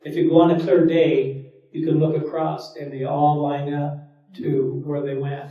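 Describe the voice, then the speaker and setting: A man on a panel explaining local history in a steady, matter-of-fact way. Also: on the high side, normal speed. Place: town hall. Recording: echoey hall, distant and lo-fi.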